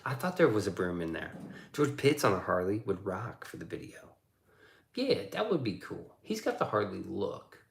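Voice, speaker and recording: A man's voice: on the low side, big pitch swings, normal speed, gravelly, a little hiss or hum. A man casually chatting on a livestream, reading viewer comments aloud and joking with plenty of profanity. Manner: loose, joking, profane, reads chat aloud. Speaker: livestream host reading chat. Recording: roomy echoey sound.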